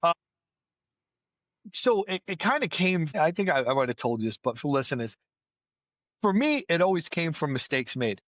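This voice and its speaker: Middle-aged fire chief telling stories. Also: male voice, on the high side, moderate pace, long pauses, no room sound, lo-fi sound. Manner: storytelling, animated, plainspoken with mild swearing. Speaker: battalion chief, guest. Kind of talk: casual podcast conversation.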